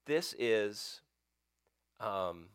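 Male pastor, low register, dry close-miked sermon; storytelling, with swings from loud bursts to near-whispers. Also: animated, extremely slow, smooth, no room sound.

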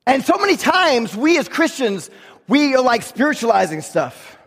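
A man preaching a sermon as a pastor, impassioned, swinging from shouts down to a hushed voice. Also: very high voice, very animated, moderate pace, breathy edge, big-room sound. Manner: impassioned, sometimes shouting, dropping to a hush.

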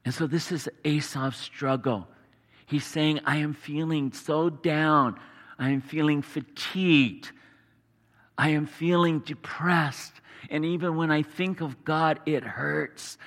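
A man preaching a sermon, earnest and explanatory, pausing for emphasis. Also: a little high, steady tone, fairly bright tone. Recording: long hall reverb.

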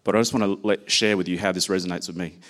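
A man preaches a sermon in a low-pitched voice. His delivery is conversational and personal, and he folds stories from his own family into the message. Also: fairly even intonation, quick pace.

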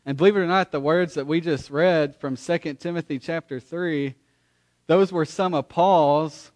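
A man preaching a sermon in church, earnest and emphatic, with pauses and restarts. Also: mid-range voice. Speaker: pastor. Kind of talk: sermon with scripture reading.

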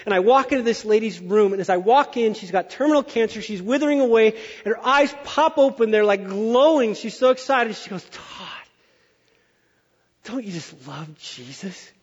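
A middle-aged man with a high voice preaches a lively, exaggerated sermon. His voice rings with a long hall reverb and sounds dull and muffled, as if from a church sanctuary. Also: a little fast, hardly any pauses. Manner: animated, exaggerating storyteller. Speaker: pastor.

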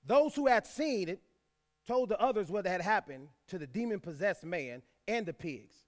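A man's voice: high-pitched, lively intonation, moderate pace. A man preaching a sermon, reading scripture aloud and repeating key lines for emphasis, with folksy asides to the congregation. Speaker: pastor.

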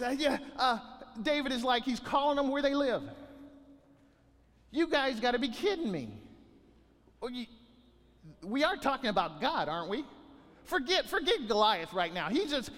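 A man preaching a sermon as pastor, animated, often restarting and repeating words. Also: extremely high pitch, big-room sound.

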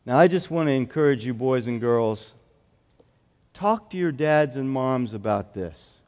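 A man's voice: medium pitch, expressive, unhurried, darkish tone, long reverb tail. A male pastor giving a children's sermon in a church, explaining things simply and earnestly and asking the children questions.

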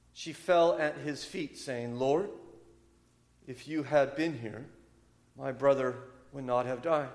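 A man delivers an impassioned sermon, swelling up and dropping low as he preaches. His voice sits a little high for a man. The sound rings out through a roomy church hall with a long reverb tail. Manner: impassioned, rising and falling preaching. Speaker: pastor.

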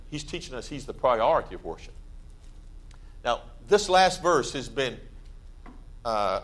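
Man preaching with loud bursts. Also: mid-range voice. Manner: conversational preaching with sudden loud emphatic bursts. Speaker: pastor. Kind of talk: sermon. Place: church.

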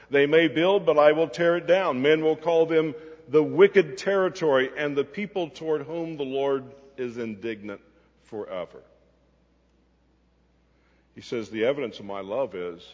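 A man's voice: on the high side, slightly rough, big-room sound, dull audio. A man preaching a sermon, emphatic, asking questions and answering them himself. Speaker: pastor.

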